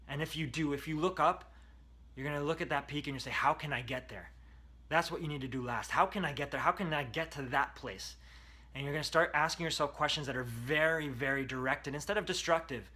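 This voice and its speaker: A man coaching the listener through a motivational talk with an emphatic, repetitive delivery. His voice is bright and forward, pitched in an ordinary middle range. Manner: emphatic, coaching, repeats key phrases. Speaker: self-help coach.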